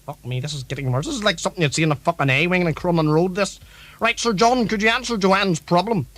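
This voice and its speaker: A man's voice: high-pitched, quick pace, fairly bright tone, no room sound. A man playing a brash, sweary talk show host in a comedy sketch.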